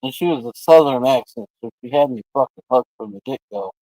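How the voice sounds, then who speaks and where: A man's voice: mid-range voice, a little fast, mellow, dry recording, poor audio. A man hosting a livestream, telling rambling, crude, joking stories in casual chat. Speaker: livestream host.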